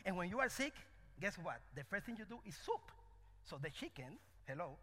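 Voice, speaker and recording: A man's voice: high voice, fairly quick, background noise. A man preaching a sermon, asking the congregation questions and telling a parable. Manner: animated, call-and-response questions. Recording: echoey hall.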